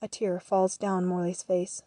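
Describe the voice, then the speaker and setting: A woman narrating the scene directions of an audio drama in a measured, matter-of-fact way. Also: fairly low pitch, flat delivery, dark tone, dry recording.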